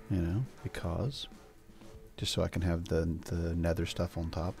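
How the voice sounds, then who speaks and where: A man's voice: low-pitched, gravelly, darkish tone. An older man hosting a gameplay video, chatting casually in a rambling way. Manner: rambling, chatty, coos at his pets. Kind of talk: casual let's-play commentary. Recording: faint background music.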